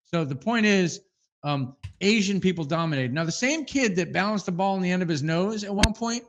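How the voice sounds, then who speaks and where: A man's voice: high voice, lively intonation, a little fast, highs cut off. A man co-hosting a comedy fake-news segment, rambling through mock-earnest reports and laughing between lines. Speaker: co-host of a comedy news parody.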